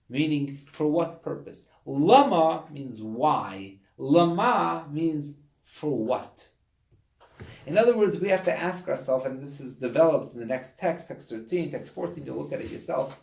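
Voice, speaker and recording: A rabbi leading a lesson in a room with a lot of echo. His voice is mid-pitched with a gravelly edge. He talks in an animated way and acts out the voices of people in his examples. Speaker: rabbi teaching a class. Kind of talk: lesson to a study group.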